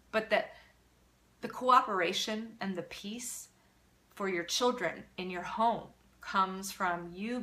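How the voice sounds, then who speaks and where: A woman's voice: medium pitch, sharp tone. A middle-aged woman teaching parents in a live Q&A, earnest and acting out little quotes of parents and kids. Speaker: parenting educator.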